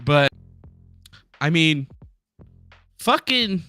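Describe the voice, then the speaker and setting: A man with a high, very bright voice rants on a livestream, his pitch leaping all over the place. He talks heatedly and profanely and keeps breaking into shouts. The sound is dry and close, with music faintly under him. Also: very animated, extremely slow, no echo. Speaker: livestream host. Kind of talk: angry livestream rant.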